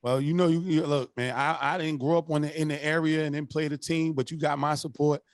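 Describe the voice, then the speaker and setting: A man's voice: on the high side, steady tone, brisk, no echo, studio quality. A man hosting a casual interview, supportive and agreeing, asking his guest questions. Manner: supportive, agreeing, brief affirmations.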